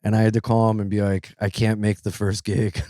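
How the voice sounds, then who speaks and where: A man's voice: fairly low pitch, flat delivery, fairly quick, warm tone, dry recording, studio quality. A man co-hosting a podcast, a comedian telling wry, self-mocking stories in casual chat.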